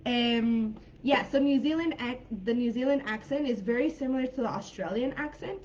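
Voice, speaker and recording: A woman's voice: fairly high pitch, moderate pace, darkish tone, lo-fi sound, a little hiss or hum. Chatty Californian woman teaching online. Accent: American, Californian. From California, United States. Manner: chatty and informal, with many fillers. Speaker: English teacher. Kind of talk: live online class.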